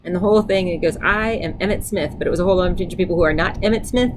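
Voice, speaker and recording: A woman's voice: on the low side, rapid-fire, darkish tone, a little hiss or hum, poor audio. A middle-aged woman teaching a casual vocabulary lesson, repeating each word aloud and adding chatty asides. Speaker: language teacher. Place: indoors by a sunny window.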